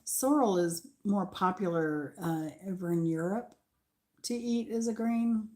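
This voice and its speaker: An older woman with a mild Southern American accent, chatting casually as a channel host on a garden tour, rambling with pauses. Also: medium pitch, mellow. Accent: Southern American mix.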